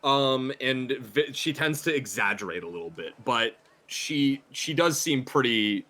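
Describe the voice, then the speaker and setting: A man's voice: mid-range voice, animated, a little slow, bright, forceful tone. A man narrating a tabletop horror game as game master, hesitant with many fillers.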